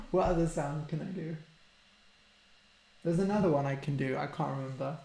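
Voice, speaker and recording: A man's voice: fairly high pitch, moderate pace, gravelly, pauses often, a crowd in the background. A man, a language teacher hosting a casual live-stream Q&A, reading out viewer questions and explaining simple words for learners. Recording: roomy echo.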